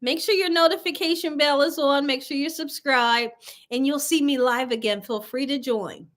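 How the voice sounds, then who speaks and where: A middle-aged woman hosts a casual cooking-channel livestream in a high-pitched, fairly bright voice at normal speed. She chats with viewers, reads their comments aloud, tells stories, laughs often and calls everyone "y'all."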